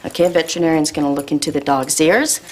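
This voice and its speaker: Calm female puppy trainer. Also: deep voice, fast talker. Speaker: dog trainer.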